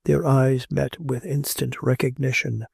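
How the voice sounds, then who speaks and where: Man reading an old novel aloud, steady and measured, gravelly dark voice. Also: mid-range voice, dry recording, studio quality. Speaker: audiobook narrator. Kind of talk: audiobook narration of classic fiction.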